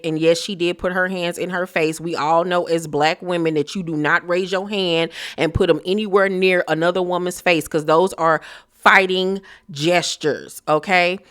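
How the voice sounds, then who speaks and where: A woman's voice: fairly low pitch, fairly bright tone, clear, resonant tone. A woman giving blunt, opinionated recap commentary on a reality TV show.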